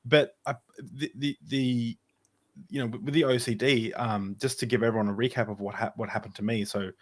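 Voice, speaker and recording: A man's voice: mid-range voice, steady tone, normal speed. A man, a podcast guest telling a personal story in casual conversation, rambling with many restarts and fillers.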